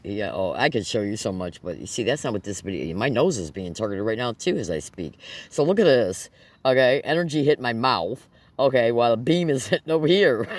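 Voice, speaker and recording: There's no room sound as a man with a medium-pitched voice delivers a direct-to-camera vlog monologue. He's agitated and emphatic, laughing nervously while peppering viewers with rhetorical questions.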